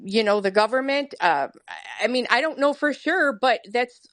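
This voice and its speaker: A woman's voice: fairly high pitch, animated, normal speed, a bit bright, dry recording, studio quality. A woman speaking hesitantly, with many fillers, in a casual online group discussion.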